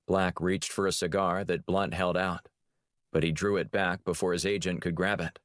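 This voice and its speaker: Deep male narrator, steady audiobook delivery, dry studio sound. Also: normal speed, dry recording. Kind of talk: scripted narration.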